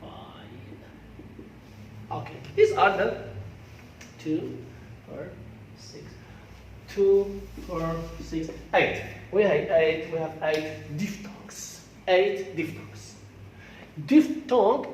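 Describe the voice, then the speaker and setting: Slow Algerian man teaching English pronunciation. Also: sits high, animated, a little hiss or hum. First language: Arabic. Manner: slow, repetitive, drills words aloud. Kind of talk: classroom pronunciation lesson. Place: classroom. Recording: echoey classroom from far off.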